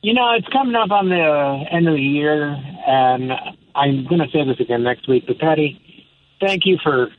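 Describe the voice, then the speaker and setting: A man's voice: on the high side, lively intonation, moderate pace. A man calling in to a radio show from his car, chatting casually and hesitantly, with lots of fillers. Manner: hesitant, rambling, many fillers. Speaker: radio caller. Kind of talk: casual call-in chat. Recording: tinny phone line.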